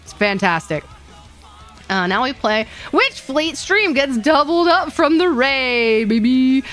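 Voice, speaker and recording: A woman's voice: high-pitched, lively intonation, takes it slowly, fairly bright tone, soft background music. A young woman streaming casually, rambling with bubbly energy, laughing often and repeating her words as she chats. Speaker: VTuber streamer. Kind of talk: casual livestream chat.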